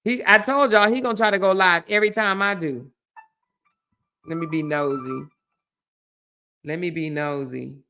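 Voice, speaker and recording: A woman's voice: on the low side, steady tone, normal speed, pauses often, sharp tone, soft background music. A woman hosting a casual live stream, chatty and laughing often as she thanks viewers by name.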